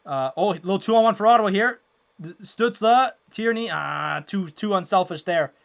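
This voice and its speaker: A young man hosting a casual live hockey watchalong, rambling with lots of fillers and breaking into loud exasperation. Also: high-pitched, animated, normal speed, gravelly. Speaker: livestream watchalong host.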